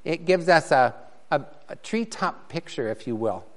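A man teaching a Bible doctrine class in a relaxed, conversational way, often chuckling. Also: fairly high pitch, moderate pace. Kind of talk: classroom lecture.

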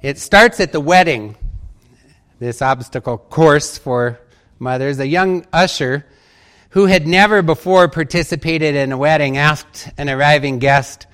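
A pastor preaching a sermon, telling light, humorous stories in an easy storytelling manner. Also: male voice, on the high side, unhurried, a bit bright, clear, resonant tone.

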